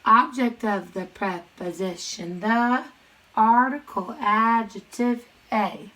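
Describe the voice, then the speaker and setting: Bright-voiced woman teacher drilling grammar. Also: on the high side, low-quality recording. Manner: drills sentence parts in a brisk question-and-answer chant; encouraging, speaks to students directly. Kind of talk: recorded classroom lesson.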